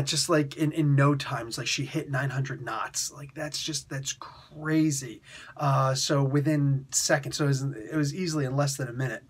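A man hosting a casual comic book review, rambling through the story with chuckles and quick voiced quotes. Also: medium pitch, slightly rough.

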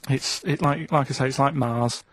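A man with a mid-pitched voice rambles through stories in a flat, deadpan way, adding tag questions as he goes. His voice sounds dry and close on a radio show. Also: normal speed, dry recording. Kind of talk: casual radio chat. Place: radio studio.

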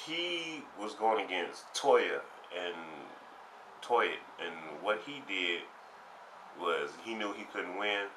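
A man giving a casual spoken recap of a fighting game tournament, slangy and animated, getting loud and heated as he retells it. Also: fairly low pitch, slight background noise, low-quality recording.

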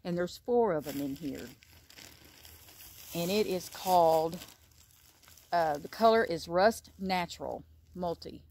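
A woman's voice: lowish voice, slow, long pauses, darkish tone, slight background noise. Gushing older woman. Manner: gushing, effusive, repeats "gorgeous" and "beautiful". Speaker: crochet vlogger. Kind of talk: casual show-and-tell vlog.

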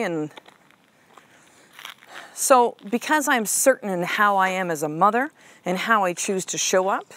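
A woman's voice: fairly low pitch, fairly bright tone, slight background noise. An upbeat woman life coach talks straight to her listener in a motivational podcast monologue. Her delivery is casual and chatty, full of fillers and tag questions, with blunt emphasis and the occasional swear. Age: adult mother of a six-year-old. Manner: casual, chatty, frequent "like" and "right?", swears freely.

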